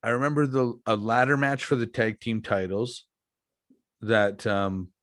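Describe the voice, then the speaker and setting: A man's voice: mid-range voice, steady tone, a little slow, a bit bright, dry recording, clean studio sound. A middle-aged man hosting a podcast, chatting candidly and telling reflective stories about his past work. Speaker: podcast host. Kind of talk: casual podcast chat.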